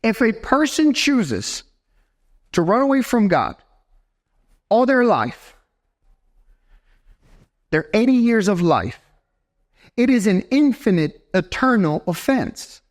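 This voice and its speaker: A young man preaching a sermon as pastor in a church, animated and talking straight to his congregation. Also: high-pitched, slow, pauses often. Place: church sanctuary.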